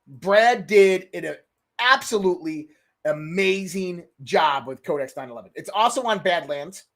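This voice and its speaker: A man hosting a casual political commentary show, animated and swearing freely. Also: high-pitched. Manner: animated, swears freely, mimics others in raised voice. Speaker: podcast host.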